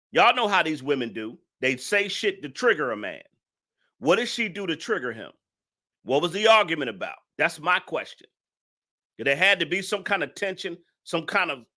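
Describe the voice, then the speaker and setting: A man's voice: a little high, sharp tone. A man hosting a reaction commentary, ranting angrily and repeating himself with heavy profanity. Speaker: commentary channel host.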